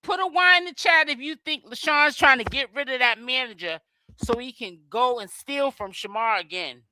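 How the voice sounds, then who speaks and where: A woman with a bright, higher voice hosts a gossip livestream. She gives her opinion and addresses the chat directly. Her voice sounds close and dry, with no room echo. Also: moderate pace.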